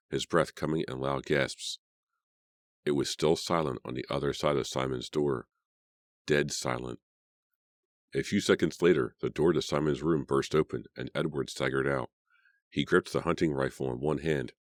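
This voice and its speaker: A man narrating a horror novel as an audiobook, in a dramatic, measured reading. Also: a bass voice, dry recording, clean studio sound.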